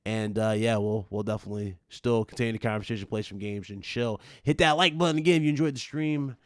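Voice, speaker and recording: A man hosting a gaming stream, chatting casually and giving laid-back shout-outs. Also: lowish voice, fast talker, no echo, clean studio sound. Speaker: stream host.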